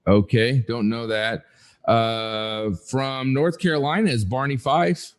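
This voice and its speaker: A man co-hosting a podcast in casual chat, unhurried and hesitant, with many fillers. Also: mid-range voice, fairly even intonation. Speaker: podcast co-host.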